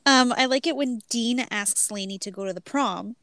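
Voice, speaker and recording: A woman co-hosting a casual podcast about a movie, chatting in a relaxed way and laughing at herself. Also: fairly high pitch, moderate pace, a little hiss or hum. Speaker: podcast co-host. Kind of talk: casual movie discussion chat.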